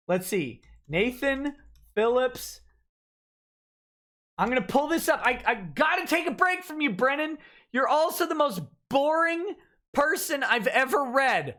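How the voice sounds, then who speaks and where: A woman's voice: on the high side, fairly bright tone. A woman hosting a livestream, giving sarcastic, ranting commentary while reading text aloud with asides. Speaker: host.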